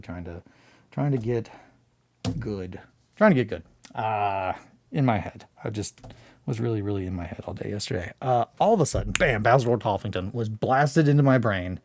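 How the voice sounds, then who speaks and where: A man's voice: fairly low pitch, expressive, fairly quick, darkish tone, dry recording. A man hosting a hobby stream, talking in a casual, rambling way, restarting sentences and swearing freely.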